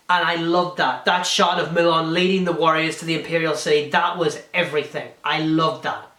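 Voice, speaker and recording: A man's voice: a little high, steady tone, a little fast, few pauses, bright, forceful tone. A man giving a casual, enthusiastic spoken film review, gushing with frequent ums and restarts. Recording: roomy echo.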